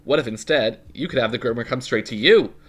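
A man's voice: mid-range voice, a little fast, a bit bright. A man co-hosting a casual podcast, joking around and reading a sponsor ad. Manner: playful, jokey interjections. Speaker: podcast co-host. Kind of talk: casual chat and ad read.

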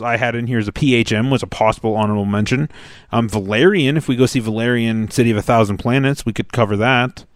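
A man's voice: medium pitch, no echo, studio quality. A man hosting a podcast, chatting casually about upcoming movies and swearing freely. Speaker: podcast host. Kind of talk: casual chat.

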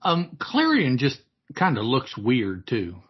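A man's voice: medium pitch, wildly swooping pitch, slow pace, husky, muffled recording. A man chatting as a podcast guest, hesitant and repeating words as he thinks aloud. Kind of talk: casual chat.

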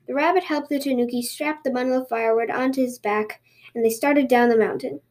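A woman podcast host reading a folktale aloud in a lively storytelling way. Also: high-pitched, fairly quick.

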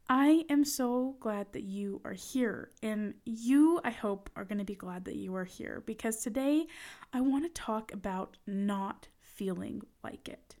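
A woman in her thirties hosting a motivational podcast as a life coach, talking in an affectionate, encouraging way with soft laughs. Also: on the high side.

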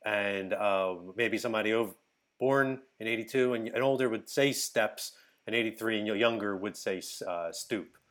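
A man's voice: fairly low pitch, moderate pace, fairly bright tone. Laughing Philadelphia man, casual chat. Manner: laughing often, hesitant with many ums. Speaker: podcast co-host.

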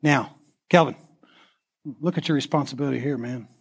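A man preaching a sermon as pastor, impassioned, swinging from near-shouts down to a hushed prayer. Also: mid-range voice, moderate pace, vocal fry, husky.

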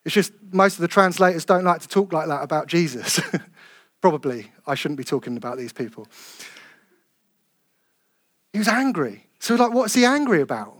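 Man, preacher, sermon, earnest, emphatic, fairly high voice. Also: sing-song, fairly bright tone. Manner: earnest, emphatic, slows down to stress key phrases.

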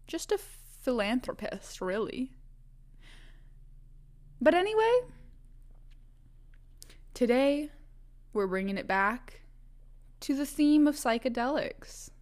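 A woman's voice: high-pitched, sing-song, takes it slowly, long pauses, a little mellow. Chatty, self-mocking young woman podcaster. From Vancouver Island, Canada. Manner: chatty, self-mocking, laughs often, restarts and asides. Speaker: podcast host. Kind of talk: casual solo podcast monologue.

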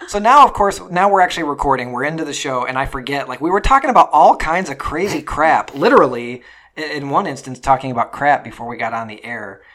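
A man hosting a casual podcast, joking and teasing his co-hosts in a lively, animated way. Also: mid-range voice, fast. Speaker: podcast host. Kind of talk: casual chat.

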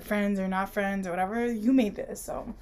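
A woman's voice: mid-range voice, fairly even intonation, normal speed, darkish tone, slight background noise. A woman co-hosting a podcast, chatting casually with wry, sarcastic asides and slangy phrasing. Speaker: podcast co-host. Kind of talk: casual chat.

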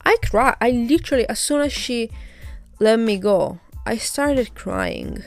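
A woman's voice: a little high, very animated, normal speed, soft background music. Candid young woman venting a story. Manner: candid, indignant retelling with swearing. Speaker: podcast host. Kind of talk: casual storytelling monologue.

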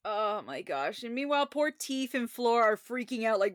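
A woman co-hosting a casual film review podcast, retelling scenes with feeling and quoting characters in quick voices. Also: fairly high pitch, lively intonation, no room sound, studio quality. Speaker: podcast co-host.

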